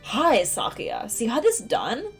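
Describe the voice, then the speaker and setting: A woman's voice: high voice, big pitch swings, unhurried, soft background music, pitched above the performer's own voice. A woman with a strained throat voicing an easygoing young male student who talks like a surfer dude. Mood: casual.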